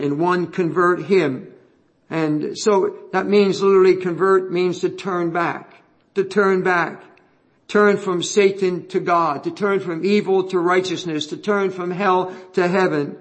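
A man preaching an expository sermon, reading scripture aloud slowly and pressing his points with earnest repetition. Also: high voice.

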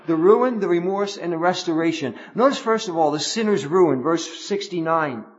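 A man's voice: on the high side, normal speed, dull audio. A man preaching a sermon, emphatic and repetitive, often restarting his phrases.

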